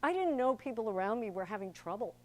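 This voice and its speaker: Her voice a bit high, her intonation lively and her pace quick, an older woman who acts and directs gives a chatty, theatrical public talk. She performs the voices of those she quotes.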